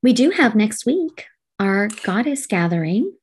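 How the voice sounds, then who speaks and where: A woman's voice: a little high, sing-song, unhurried, slightly rough. A woman from Canada co-hosting a podcast, telling a story in casual chat, swearing freely and laughing often. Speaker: podcast co-host.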